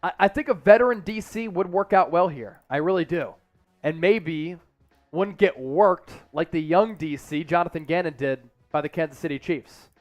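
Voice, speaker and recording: Young guy hosting a live sports stream, pretty high voice, reads chat out, bit of music faintly behind. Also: moderate pace, lo-fi sound. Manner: energetic, reads chat aloud. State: exerting, counting push-ups.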